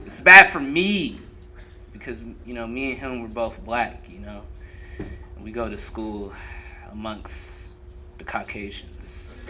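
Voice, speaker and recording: A man's voice: medium pitch, bright, forceful tone. A young man performing a profane, crowd-teasing stand-up comedy set on a club stage. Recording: noisy live room recording.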